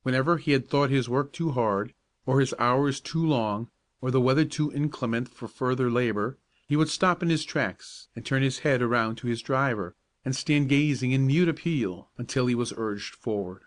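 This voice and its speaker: A man narrating a bedtime audiobook in a calm, measured storytelling voice. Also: mid-range voice.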